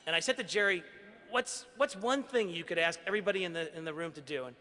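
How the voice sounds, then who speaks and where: A man's voice: high voice, fast talker, pushed and bright. A man from Queens, New York, giving an earnest, self-deprecating acceptance speech as an award honoree at a gala. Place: large banquet hall. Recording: echoey banquet hall.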